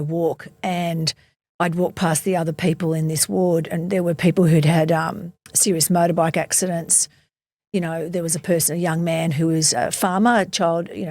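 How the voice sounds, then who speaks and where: A woman's voice: fairly low pitch, a little mellow, no echo. A woman hosting an interview, speaking in an empathetic way and sharing her own experiences. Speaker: podcast host. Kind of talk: conversational interview.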